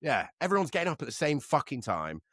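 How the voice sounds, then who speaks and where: A man co-hosting a podcast, trading animated, sweary banter in casual chat. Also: on the high side, fast talker, no echo, clean studio sound. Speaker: podcast co-host.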